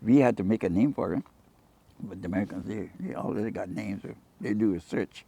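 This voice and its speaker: Speaking briskly in a lowish, creaky, slightly rough voice, an older Caymanian man from Cayman Brac rambles through anecdotes in an interview. He fishes and makes jewelry, and he brings his stories alive by performing the dialogue.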